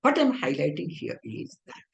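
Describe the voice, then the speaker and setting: A woman's voice: deep voice, huge pitch swings, moderate pace, gravelly, dull audio. A woman with an Indian English accent teaching a spiritual philosophy class in a conversational tone, often asking her listeners whether they understand. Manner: conversational, rhetorical checks for understanding. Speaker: Vedanta teacher.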